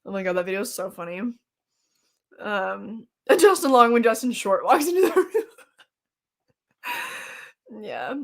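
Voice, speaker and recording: A woman with a medium-pitched voice and big swings in pitch talks at a measured pace, with vocal fry and long pauses. She's hosting a casual live stream, rambling chattily about horror movies, reacting to chat with fillers and laughs while snacking.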